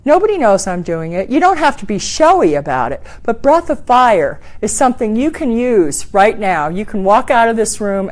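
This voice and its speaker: A middle-aged woman leading a workshop in a classroom, animated and acting out voices in her examples. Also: medium pitch. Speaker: speaking coach. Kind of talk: workshop talk.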